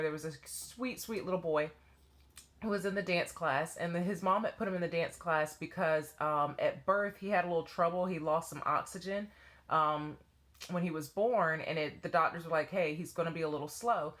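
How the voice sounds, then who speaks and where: A woman, probably in her thirties, who taught dance to children, telling a personal story to camera in an animated way and acting out voices. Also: on the low side, fairly quick. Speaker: former children's dance teacher.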